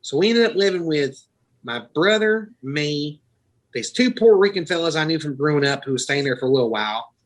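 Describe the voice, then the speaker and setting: A man's voice: fairly high pitch, animated, fairly quick, poor audio. A man from Florida, a podcast host telling rambling, profane stories in casual chat. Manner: rambling, profane, laughing storyteller.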